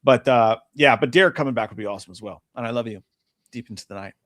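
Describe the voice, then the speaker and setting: A man's voice: medium pitch, rapid-fire. A man co-hosting a live movie talk stream, swearing a lot and telling stories with energy. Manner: profane, animated storytelling. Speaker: podcast co-host. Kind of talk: casual live-stream chat.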